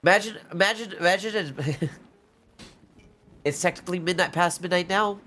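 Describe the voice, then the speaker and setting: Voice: mid-range voice, moderate pace, a bit bright, slight background noise. Stuffy-nosed streamer, playful late-night chat. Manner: playful, teasing, laughs often. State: stuffy nose. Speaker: Twitch streamer. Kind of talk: casual live-stream chat with viewers.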